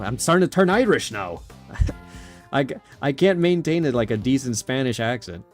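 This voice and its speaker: A man's voice: medium pitch, big pitch swings, normal speed, faint music behind. Casual man streaming a game. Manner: casual, laughs at himself. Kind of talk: let's-play commentary.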